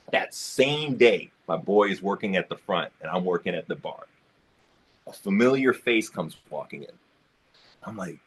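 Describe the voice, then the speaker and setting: A man's voice: fairly low pitch, expressive, moderate pace, slightly rough. A man on a discussion panel telling a personal story, acting out the quotes and speaking in casual slang. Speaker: roundtable panelist.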